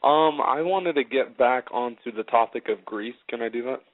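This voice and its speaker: A man's voice: mid-range voice, normal speed. A man calling in to a radio show who speaks hesitantly and sounds unsure of himself. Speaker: caller. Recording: dry phone line.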